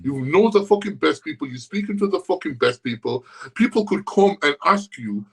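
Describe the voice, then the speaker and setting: A man telling gym stories on a podcast, swearing constantly and ranting in a loud, worked-up way. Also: fairly high pitch, expressive, normal speed, slightly rough, poor audio. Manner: profane, ranting storyteller. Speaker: podcast guest. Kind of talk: casual podcast chat.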